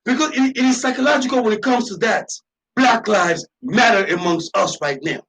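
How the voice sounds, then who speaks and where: A man's voice: high-pitched, moderate pace, a bit bright, low-quality recording. A man hosting a radio talk show, delivering an impassioned, preachy monologue with lots of repetition and emphasis.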